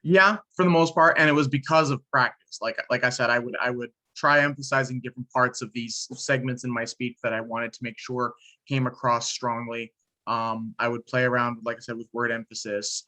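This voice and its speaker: Halting man with a bright voice. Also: medium pitch, little pitch movement, poor audio. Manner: hesitant, many restarts and fillers. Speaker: student. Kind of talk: class discussion.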